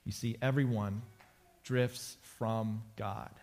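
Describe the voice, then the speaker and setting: A man's voice: on the low side, steady tone, slow, a little mellow, soft background music. A man preaching a conversational sermon to a congregation, casual and joking, repeating phrases for emphasis. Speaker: pastor. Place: church sanctuary before a congregation.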